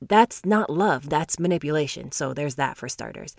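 Woman, lowish voice, earnest devotional teaching, stretches key words, dry close sound. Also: expressive, normal speed, creaky, no echo. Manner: earnest, emphatic, drawing out key words with laughter. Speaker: Bible teacher.

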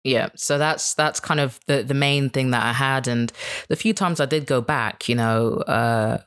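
A woman from Kenya whose accent leans British with a slight American twang, guesting on a podcast. She speaks reflectively and at an even pace, with frequent fillers and easy laughs. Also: very deep voice, measured pace, clean tone. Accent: mostly British with slight American twang. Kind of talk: casual podcast interview.

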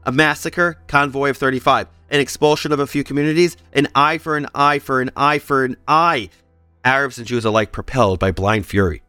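Male podcast host, mid-pitched, scripted history narration with jokey asides; faint music bed underneath. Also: a little fast, pushed and bright, clear, resonant tone, dry recording. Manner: playful asides between serious narration.

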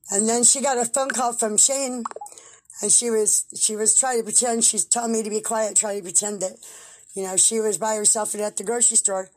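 A woman with a voice on the high side talks fairly quickly as an interviewee recounting events from her own life. Her casual speech is animated, blunt, and profane, and she acts out what people said.

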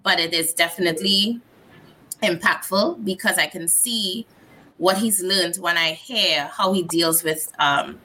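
Speaking unhurriedly in a fairly low voice, a woman from Trinidad and Tobago in her thirties shares reflective, candid stories as an animated guest in a relaxed chat. She has a Trinidadian accent, and the poor-quality audio carries a little hiss or hum.

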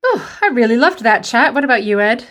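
A woman with a slightly high voice hosts a podcast. She chats casually and playfully, and she laughs easily. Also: sing-song, fairly quick, loud music behind the voice. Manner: giggly, playful. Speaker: podcast host. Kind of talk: casual chat.

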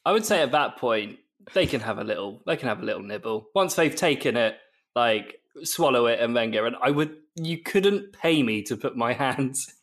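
A man's voice: mid-range voice, expressive, moderate pace, fairly bright tone. A man in a podcast chat, reacting with incredulous, laughing comments. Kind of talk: casual chat.

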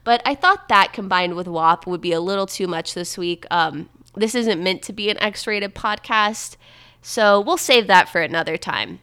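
Young female podcast host, playful and chatty, smooth clear tone, mid pitch. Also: moderate pace, pushed and bright. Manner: chatty and playful, reads quotes aloud. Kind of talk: casual chat.

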